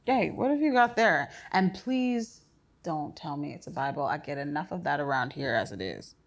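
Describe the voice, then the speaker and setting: A woman acts out a gruff old father stuck in a hospital bed, blunt and profane, telling stories with a dry, sardonic edge. The voice sits low, and the pitch swings widely as the stories build. It is stage-play acting, crude and wry. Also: lively intonation, unhurried, long pauses. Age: older.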